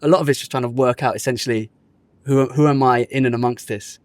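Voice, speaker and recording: A man's voice: medium pitch, fairly even intonation, quick pace, dry recording. A man talks casually on a podcast, with a mid-range voice in a dry, close-miked sound. He tells his story with plenty of energy, slips into street slang and acts out the people he quotes. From United Kingdom. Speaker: guest.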